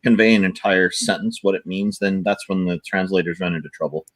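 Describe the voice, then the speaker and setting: A man's voice: low voice, fairly quick, a bit bright, no echo. A man in a casual stream chat, explaining things and chuckling often.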